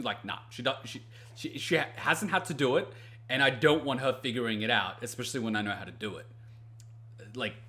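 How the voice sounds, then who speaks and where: A man hosting a let's play, telling stories and ranting in casual commentary, swearing freely. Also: mid-range voice. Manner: animated, ranting storyteller who swears freely. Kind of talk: casual commentary over gameplay.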